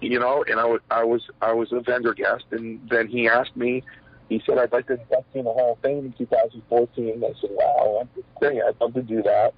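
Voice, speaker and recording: Husky former wrestler, rambling storyteller. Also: male voice, mid-range voice, flat delivery, fairly quick. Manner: rambling, many fillers, acts out quotes. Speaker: retired pro wrestler, interview guest. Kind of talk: shoot interview storytelling. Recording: dull lo-fi sound, dry.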